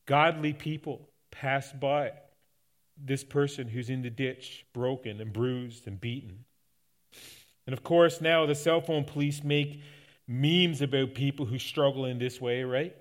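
Middle-aged Canadian male pastor, mid-pitched, storytelling sermon delivery with easy restarts. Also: measured pace. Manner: conversational, folksy storytelling with restarts. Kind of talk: sermon with personal stories.

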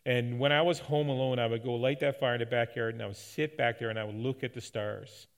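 A man's voice: mid-range voice, steady tone, a little fast. A middle-aged man from Canada, a pastor preaching a sermon in a conversational, folksy storytelling way, often restarting his sentences. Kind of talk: sermon with personal stories.

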